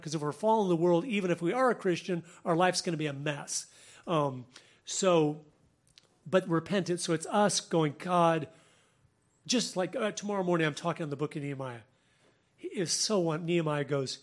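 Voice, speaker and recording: A man hosting a Christian talk show, speaking earnestly, laughing often and quoting people in lively voices. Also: a little high, fairly quick. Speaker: Christian podcast host. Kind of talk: religious commentary, conversational.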